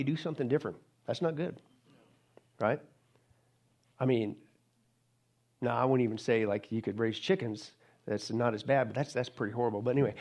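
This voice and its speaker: A man's voice: on the high side, darkish tone, breathy edge. A male pastor preaching a sermon, emphatic and full of rhetorical questions, calling his listeners "folks.".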